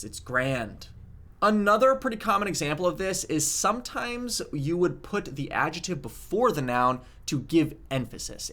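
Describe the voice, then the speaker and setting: A man's voice: a little high, a bit bright. A man explaining language grammar in a casual video lesson, talking animatedly and checking in with "okay?" and "like". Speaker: language teacher.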